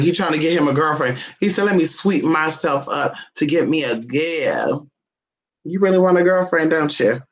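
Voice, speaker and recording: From a phone or camera placed somewhere indoors at home, a loose-tongued vlogger speaks at a mid pitch with a fairly bright tone, constantly saying "honey" and cursing. The unpolished, off-the-cuff home vlog includes sudden squeaky high bursts aimed at teasing the dog.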